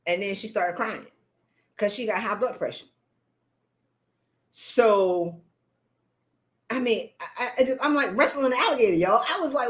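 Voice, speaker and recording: A woman coach, talking bluntly to viewers on a live stream and preaching at them with animated energy. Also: a little high, normal speed, pauses often. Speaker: leadership coach. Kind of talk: live-stream motivational talk.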